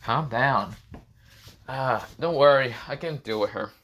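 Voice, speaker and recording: A man's voice: medium pitch, measured pace, fairly bright tone. A man voicing a laid-back, cocky young man who swears casually, in a fan story told in his own voice.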